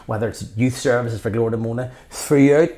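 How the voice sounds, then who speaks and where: Brisk and mid-range, this Belfast-accented man in his fifties is a guest in a conversational interview. He tells his stories passionately and with animation, performing the quotes of the people involved.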